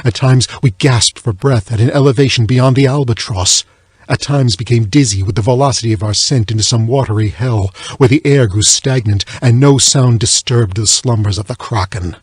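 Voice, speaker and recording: A man reading a classic sea tale aloud as an audiobook, in a measured, low and somber manner. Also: breathy edge, dry recording, studio quality. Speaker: audiobook reader. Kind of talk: scripted narration of a classic tale.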